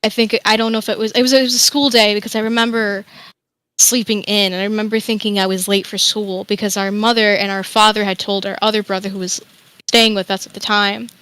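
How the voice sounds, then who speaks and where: A woman's voice: mid-range voice, level tone, a little fast, a bit bright, clear, resonant tone, dry recording, poor audio. A young woman guest telling a candid, rambling personal story, sometimes swearing. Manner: rambling, emotional, swears freely. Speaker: interview guest.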